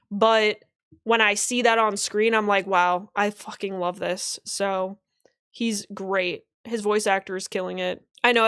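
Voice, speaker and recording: A young woman reacting to anime on a live stream, reading out chat messages and talking casually, swearing and getting excited. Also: medium pitch, clean tone.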